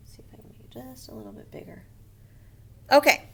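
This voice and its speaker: A woman teaching a first grade grammar lesson in a slow, patient voice, and now and then she whispers a quick aside to herself. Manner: slow, patient teacher voice, sometimes lifts her pitch to show an excited sentence. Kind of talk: recorded online grammar lesson.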